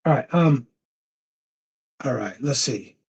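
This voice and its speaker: This livestream host has a husky, darkish, mid-range voice with vocal fry, and he speaks slowly yet animatedly. He chats loosely in slang, laughing and restarting, over dull lo-fi stream audio.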